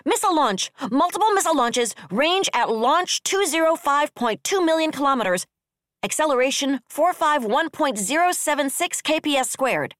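The narrator voicing an excited crew member shouting urgent alarm reports aboard a warship, in a sci-fi audiobook. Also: high-pitched, moderate pace, dry recording, clean studio sound, voice pushed up. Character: excited naval tracking rating calling out alarms.

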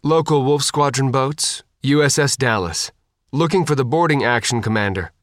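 Man voicing measured male submarine officer on radio, formal procedure, audiobook. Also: medium pitch, no room sound, studio quality, lightly acted.

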